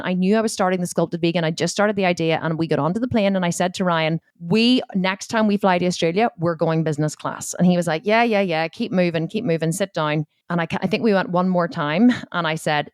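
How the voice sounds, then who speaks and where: A woman tells her story bluntly and with plenty of swearing. Her voice sits a little low, and the recording is dry and close. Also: no room sound. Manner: blunt, expletive-heavy, animated retelling. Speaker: podcast guest, entrepreneur. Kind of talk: candid storytelling interview.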